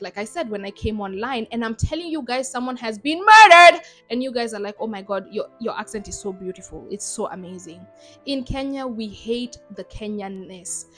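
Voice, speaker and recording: A woman's voice: fairly high pitch, fairly bright tone. A young adult woman from Zimbabwe giving emphatic, sarcastic commentary in a vlog. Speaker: YouTuber.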